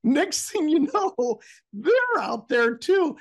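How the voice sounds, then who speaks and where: Gravelly middle-aged man, lively up-and-down delivery, rambling anecdotes on a talk show. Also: very high voice, takes it slowly. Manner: rambling, trailing off often. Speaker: podcast co-host. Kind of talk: casual storytelling.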